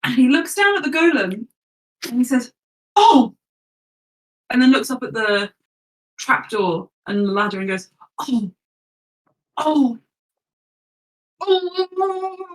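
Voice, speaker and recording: A woman's voice: a little high, lively intonation, normal speed, far from the mic, low-quality recording. A woman narrating as game master for a tabletop game, chatty and giggly.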